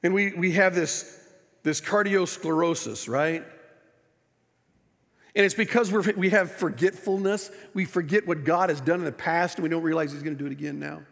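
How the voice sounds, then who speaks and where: A male pastor preaching a sermon with animated delivery, his voice rising and falling, with wry asides to the congregation. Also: on the high side, moderate pace, creaky, long reverb tail. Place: church sanctuary.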